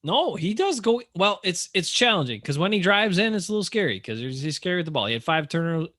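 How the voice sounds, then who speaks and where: A man co-hosting a casual sports podcast, ranting in an animated, exasperated way. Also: high voice, brisk, dry recording, clean studio sound. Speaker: podcast co-host.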